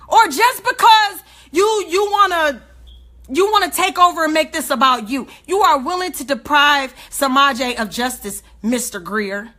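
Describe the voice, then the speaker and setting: Woman, bright and forceful, impassioned livestream speaker firing rhetorical questions. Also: high voice, animated, moderate pace. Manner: emotional, indignant, rhetorical questions.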